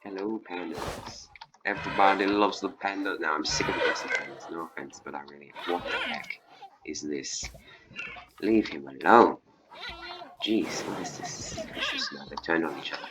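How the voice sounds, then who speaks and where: A man doing casual gameplay commentary as a let's play host, excitable and chatting to the animals in his game. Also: low voice, normal speed, music in the background, low-quality recording.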